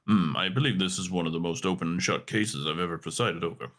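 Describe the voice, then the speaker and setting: A man's voice: sits low, fast talker, a bit bright. Joking man reading game dialogue aloud. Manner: joking, laughs often, reads lines in character. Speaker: let's play co-player. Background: game music.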